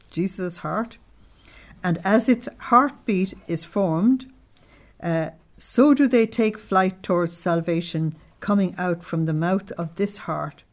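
A woman leading a devotional study group, reading spiritual passages aloud and slowing down to stress key words, often checking that her listeners follow. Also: medium pitch, lively intonation. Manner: asks listeners to check their understanding. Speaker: religious study group leader.

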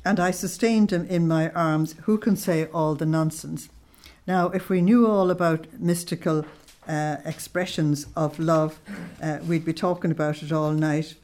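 Animated woman, middle-aged, lowish pitch, informal talk to a group, reads quotes with feeling. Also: unhurried. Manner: lively, laughs often, reads quotes aloud with feeling. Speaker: speaker on Christian mysticism.

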